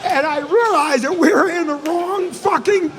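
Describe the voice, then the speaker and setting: High-voiced man telling a comic story. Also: unhurried, in a large hall, a faint crowd, a little hiss or hum. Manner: animated, profane, laughing through the story. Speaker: comedian co-host.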